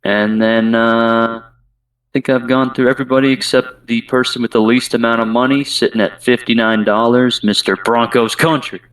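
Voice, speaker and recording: A man hosting a casual podcast, reading out standings in a relaxed way with lots of ums and laughs. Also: mid-range voice, moderate pace. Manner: relaxed, filler-heavy delivery with frequent laughs. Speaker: podcast host. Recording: voice a bit distant from the mic.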